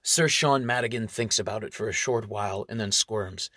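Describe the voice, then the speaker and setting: A man narrating a historical fantasy story in a measured storytelling manner. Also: on the low side, pushed and bright, dry recording, studio quality. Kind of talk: audiobook narration.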